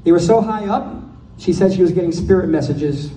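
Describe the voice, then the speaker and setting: Man, high pitch, very mellow tone, delivering a roast toast with punchlines; distant mic in an echoey hall. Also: slight background noise. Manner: rapid one-liner punchlines. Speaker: speaker giving a birthday toast. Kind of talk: joke-filled roast speech.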